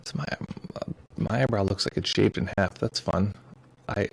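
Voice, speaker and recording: A man's voice: lowish voice, normal speed, creaky, breathy edge, poor audio. A man hosting a meditation livestream in a casual, joking way, reading viewer comments aloud. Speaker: meditation teacher. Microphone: streaming mic with headphones.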